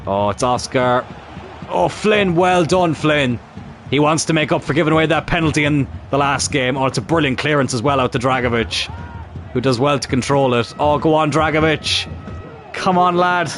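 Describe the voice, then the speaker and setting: A man commentating his own football management game, cheering and shouting when goals go in. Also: fairly high pitch, moderate pace, a little hiss or hum. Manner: excitable, shouts at goals, laughs. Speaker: gaming YouTuber.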